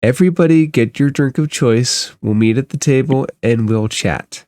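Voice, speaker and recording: A man voicing a brisk, practical woman gathering the group in a tabletop game. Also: medium pitch, darkish tone, dry recording, studio quality, lightly acted.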